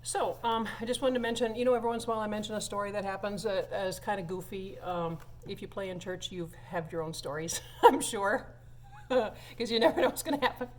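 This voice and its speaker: With a mid-range voice and brisk pace, a church organist chats through a funny anecdote for viewers, filling it with laughs and fillers. Slight background noise is audible.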